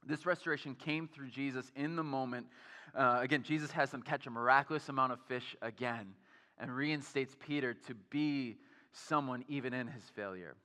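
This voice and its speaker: A man's voice: mid-range voice, normal speed, sharp tone, long reverb tail. A man in his thirties preaching a sermon, telling personal stories in a casual way full of fillers. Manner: casual, storytelling, many fillers like "like". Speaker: pastor. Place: church sanctuary.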